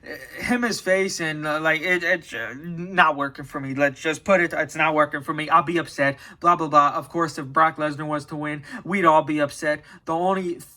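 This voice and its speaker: Male vlogger, slightly high, sharp-edged voice, rambling and excitable delivery. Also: normal speed, hardly any pauses. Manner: excitable, rambling with stumbles and repeats. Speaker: wrestling vlogger. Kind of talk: casual predictions vlog.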